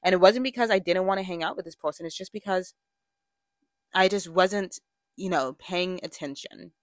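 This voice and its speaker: Chatty young woman with a low, dry voice. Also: normal speed, dry recording. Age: young adult. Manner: chatty and candid, with frequent fillers and self-corrections. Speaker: podcast host. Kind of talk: casual personal monologue.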